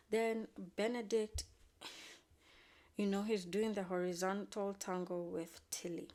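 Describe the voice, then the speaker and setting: A woman chatting through a recap of a show, animated and full of sass. Her voice sits at an ordinary middle pitch, and she drops to a whisper for asides. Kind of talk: casual recap chat.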